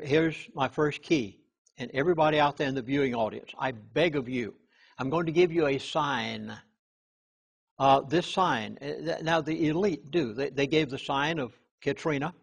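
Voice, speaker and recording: A man with a somewhat high, husky voice holds forth as a chaplain in an interview. He leans hard on key words and often restarts his sentences, giving his talk an earnest, urgent edge. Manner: emphatic, punches key words, halting restarts.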